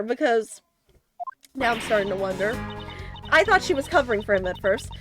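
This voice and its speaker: Woman streamer, high voice, giggly think-aloud commentary with music under it. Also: animated, fairly quick. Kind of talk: casual game commentary.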